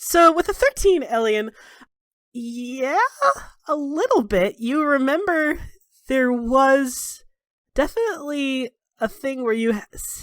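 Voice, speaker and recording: A woman's voice: high-pitched, lively intonation, takes it slowly, no room sound, studio quality. A woman running a tabletop game as game master, narrating with a playful, giggly manner.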